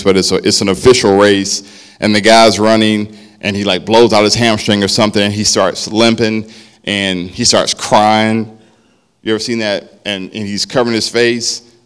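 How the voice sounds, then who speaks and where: A man with a fairly low voice delivers a sermon in a conversational way, checking in with his listeners by asking "right?". He speaks as their pastor and grows quieter and softer when he turns to himself. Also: smooth.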